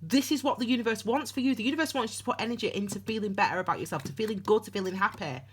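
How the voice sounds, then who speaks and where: Rapid-fire and on the high side, this woman's voice has a little hiss or hum. She's a tarot reader doing a chatty, rambling reading to a camera on her desk, laughing and restarting sentences along the way.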